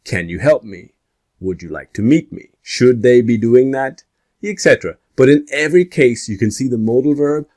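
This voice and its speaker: A man teaching an English grammar lesson, speaking slowly and deliberately and stressing each example question. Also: lowish voice, darkish tone.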